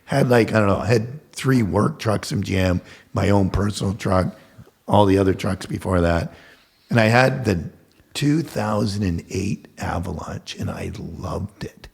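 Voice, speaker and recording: A man's voice: fairly low pitch, a little slow, vocal fry, husky. An older man, a guest telling stories casually and acting out the dialogue, swearing freely. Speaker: guest contractor. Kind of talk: casual storytelling.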